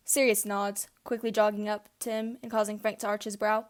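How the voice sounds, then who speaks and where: A woman narrating a fan story aloud in an expressive, gentle reading voice. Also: medium pitch, brisk. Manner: gently expressive, shifting for each character. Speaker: fanfiction reader.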